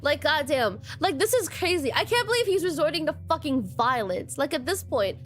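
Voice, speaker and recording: A woman streaming a dating sim, reacting to the story and chatting with viewers in an animated, swearing way. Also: high voice, normal speed, faint music behind. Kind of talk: live game commentary reading a dating sim aloud.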